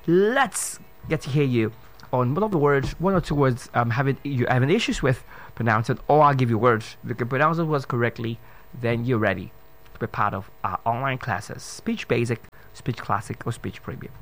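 A man's voice: medium pitch, moderate pace. A man teaching pronunciation on the radio, spelling words out letter by letter and correcting common mistakes. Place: radio studio.

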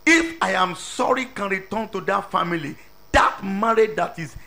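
A man preaching a sermon slowly and deliberately, with emphatic pauses and non-native English grammar. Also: high voice, gravelly, pushed and bright.

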